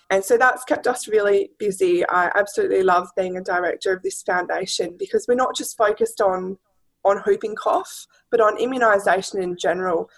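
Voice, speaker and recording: An Australian woman with a gravelly, husky voice answers interview questions in an earnest, steady way. She speaks as a guest and charity director, and her voice sits at a middle pitch. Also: poor audio.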